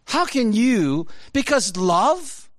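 A man preaching a casual, animated sermon, jumping from loud high emphasis to low quiet asides, with laughs and fillers. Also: slow pace, no room sound.

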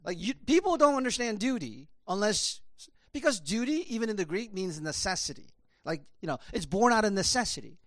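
A man's voice: sits high, big pitch swings, fairly quick, a bit bright, dry recording, studio quality. A man preaching a conversational sermon, rambling with many fillers. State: choked up, emotional. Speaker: pastor.

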